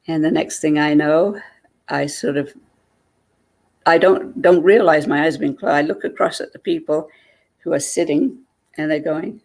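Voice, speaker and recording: A woman, a guest, telling a personal story in a lively way and acting out what people said. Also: sits low, measured pace, gravelly.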